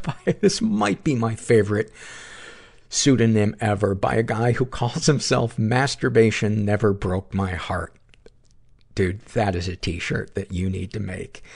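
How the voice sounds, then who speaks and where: A man hosting a podcast, reading listener surveys aloud and responding in a warm, reflective, chatty way. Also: fairly low pitch, creaky, husky. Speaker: podcast host.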